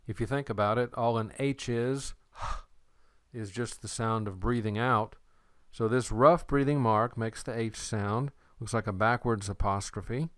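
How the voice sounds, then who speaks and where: Man, teacher, slow patient delivery, smooth resonant voice, dry close sound. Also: mid-range voice, dry recording. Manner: slow, patient, repeats words for the learner. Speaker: Greek teacher. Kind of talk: recorded language lesson.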